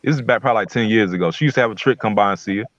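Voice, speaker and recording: Tell it bluntly and fast as a low-voiced man, muffled call sound. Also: fairly bright tone, no room sound. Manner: blunt, crude storytelling. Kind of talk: casual group audio chat. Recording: dull lo-fi call audio.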